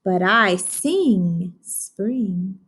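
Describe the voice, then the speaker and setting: A woman reading aloud and voicing a wise mother owl from a picture book, slow and sing-song. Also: mid-range voice, expressive, fairly bright tone, slightly rough, full character voice.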